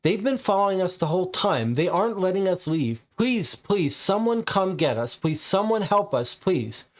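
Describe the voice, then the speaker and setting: A man's voice: high voice, big pitch swings, moderate pace, voice pushed up. A man reading a game transcript aloud, voicing a terrified young woman who stammers frantic pleas for rescue. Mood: pleading.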